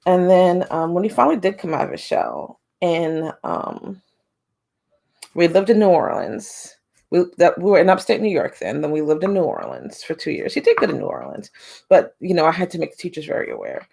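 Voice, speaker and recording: Low gravelly woman telling a story. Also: normal speed. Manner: animated, acts out quotes with big pitch jumps. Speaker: homeschooling mom vlogger. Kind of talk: casual storytelling to camera.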